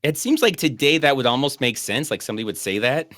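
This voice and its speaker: A man's voice: medium pitch, sing-song, fast talker, a bit bright, dry recording, clean studio sound. A man co-hosting a movie commentary podcast, chatting casually, joking and rambling, often laughing. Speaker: podcast co-host.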